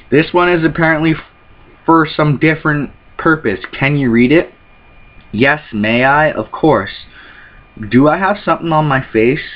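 A man reacting to a manga chapter, reading its dialogue aloud and switching into quick character voices between his own comments. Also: medium pitch, dull audio. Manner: reads character lines in quick put-on voices between plain remarks.

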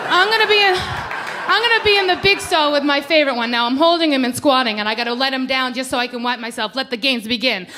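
Brash high-voiced woman doing stand-up. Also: fast talker, slight background noise. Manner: brash, animated, acts out loud quoted voices. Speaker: stand-up comedian. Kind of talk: stand-up comedy set. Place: comedy club stage.

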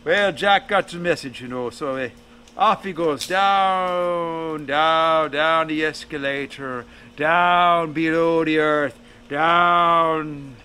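A man's voice: fairly high pitch, steady tone, takes it slowly, bright, forceful tone, smooth. Folksy man telling a jokey folk tale. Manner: folksy, jokey, with asides to listeners. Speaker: storyteller. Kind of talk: folk tale told to an audience.

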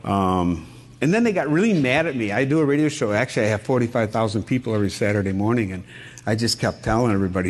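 A man's voice: lowish voice, expressive, fast. Folksy Midwestern man giving a seminar. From Wisconsin. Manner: folksy, asks the audience questions, tells anecdotes. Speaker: home inspector presenting a seminar. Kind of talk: conversational seminar talk.

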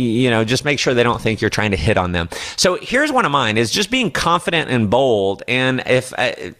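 A man giving a motivational sales training talk, confidently acting out his prospecting lines. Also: medium pitch. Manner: confident, acts out sales dialogue in a brighter voice. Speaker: network marketing trainer.

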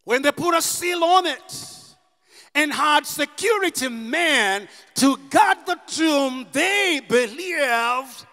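A man preaching a sermon as pastor, impassioned and rising to shouts. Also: extremely high pitch, big-room sound. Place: church.

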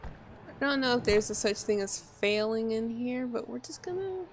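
A woman's voice: on the high side, expressive, normal speed, slight background noise. A woman playing a game and reacting aloud with crude jokes as she goes. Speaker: gamer. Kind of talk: let's play commentary.

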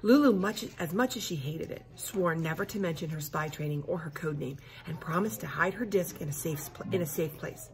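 Expressive woman reading a kids' book. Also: low voice, a little fast, few pauses. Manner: expressive, stops to explain to listeners. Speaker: reader. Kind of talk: reading a children's book aloud.

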